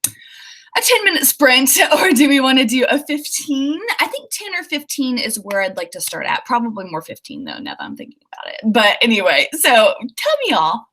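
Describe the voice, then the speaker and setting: Bubbly young oklahoma gal chatting on a livestream, highish voice, bouncy and lively. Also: female voice. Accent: Oklahoma, Southern US. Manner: bubbly, chatty, lots of fillers and laughs. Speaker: livestream host. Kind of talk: casual livestream chat reading comments.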